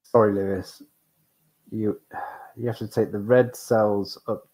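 Male streamer, low-pitched and unhurried, flustered and self-deprecating while playing a retro game. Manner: excitable, flustered, self-mocking, lots of exclamations. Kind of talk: live gameplay commentary.

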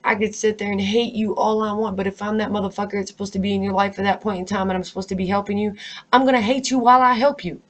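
A woman's voice: medium pitch, steady tone, quick pace. A stressed, angry woman vlogger in an unscripted, profanity-heavy rant delivered straight to camera. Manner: profane, emphatic, heated.

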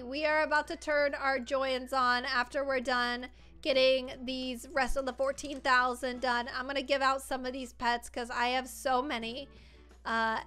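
A young woman giving excitable casual commentary while playing a game, chatting to her viewers. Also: high voice, smooth. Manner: excitable, squealing over pulls. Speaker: gaming YouTuber.

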